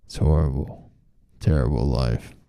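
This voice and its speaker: A man hosting a comedy talk show, roasting the news in a sardonic, deadpan monologue. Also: extremely low pitch, unhurried, creaky, clear, resonant tone, dry recording, studio quality. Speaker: comedian host. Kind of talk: comedic current-events monologue.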